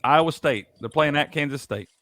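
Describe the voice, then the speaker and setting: A man's voice: fairly high pitch, moderate pace, a bit bright. A man hosting a sports betting stream, laid-back and reading off picks. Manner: laid-back, drawling, reads lists of picks. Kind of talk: casual sports chat.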